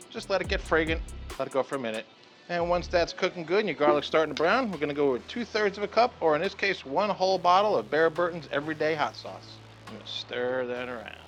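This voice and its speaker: A man's voice: on the high side, a bit bright. A man hosting his cooking vlog outdoors at a grill, chatty and enthusiastic, often checking in with "okay". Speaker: cooking show host. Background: rain and light music.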